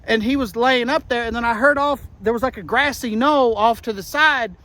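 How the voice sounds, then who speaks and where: Deadpan man, bright high voice. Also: moderate pace, poor audio. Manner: rambling, deadpan, breaks into shouted slogans and gun-sound noises. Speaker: comedian playing a rally eyewitness. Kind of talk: deadpan satirical character monologue.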